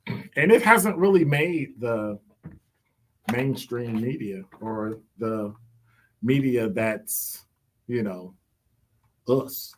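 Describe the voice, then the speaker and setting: A man hosting a call-in talk radio show, delivering a lively monologue with teasing, joking asides. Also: medium pitch, takes it slowly, pauses often, slight background noise.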